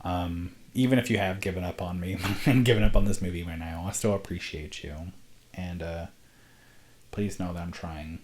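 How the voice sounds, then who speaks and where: Low-voiced earnest man, rambling vlog. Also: steady tone, normal speed, darkish tone. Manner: earnest and rambling, swears a lot, breaks into laughs. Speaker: vlogger, independent filmmaker. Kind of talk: casual vlog to camera.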